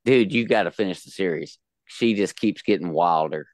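A man hosting a podcast, joking and talking in a loud, animated way. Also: low voice, moderate pace, dry recording, studio quality. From United States. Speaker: podcast host. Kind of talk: casual podcast chat.

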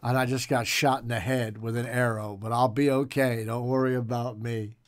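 A man's voice: mid-range voice, flat delivery, moderate pace, slight background noise. A man casually commenting on a game he is playing, joking around and tossing in pirate growls. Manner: jokey, playful, growls pirate noises. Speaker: gaming channel host.

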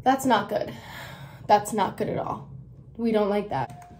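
A woman's voice: mid-range voice, takes it slowly, heavy background noise. Rambling, self-mocking young woman vlogger. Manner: drifts into whispering at times. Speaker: beauty vlogger. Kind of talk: casual hair tutorial chat.

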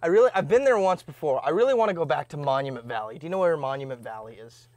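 He's a fast talker with a fairly high pitch, a young man from Indiana co-hosting a podcast. In casual conversation he tells stories animatedly, playing out his own reactions, and there's no room sound.

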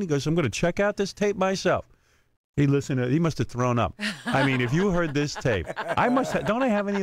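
A man tells a story on a radio show, his pitch swinging widely as he slips into the voices of the people he met. He has a middling pitch and a dry, close sound with little room echo. His asides come thick and emphatic. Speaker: radio host. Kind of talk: animated storytelling.

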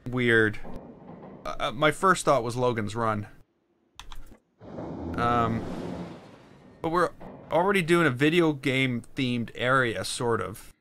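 A man's voice: mid-range voice, noisy background. A man from Canada chatting casually while playing a park-building game, rambling and easily frustrated. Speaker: gaming streamer. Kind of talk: casual let's-play commentary.

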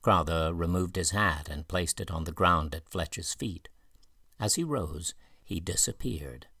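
A man narrating an audiobook with even, measured storytelling. His voice is very low and slightly husky. The sound is close and dry. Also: dry recording. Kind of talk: scripted narration.

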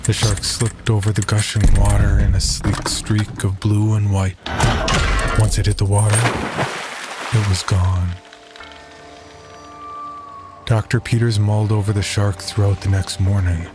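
A man reading a horror story aloud in a steady, measured narrating voice. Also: lowish voice, loud music behind the voice.

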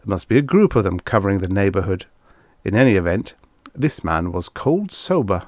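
A man reading a vintage science fiction story aloud as a narrator, in an expressive storytelling manner. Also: low-pitched, brisk, dry recording, studio quality. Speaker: audiobook narrator.

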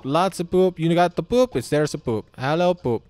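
Faint music plays behind a man whose voice sits on the high side with a darkish tone, recorded with no room sound. He talks briskly, barely pausing, giving goofy let's-play commentary while he games. He chats to the enemies, does silly voices, swears and cracks crude jokes.

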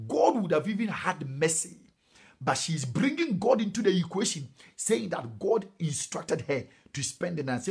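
A middle-aged Ghanaian man preaching a sermon, emphatic and animated, with sudden high exclamations. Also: moderate pace, vocal fry, breathy edge. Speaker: pastor.

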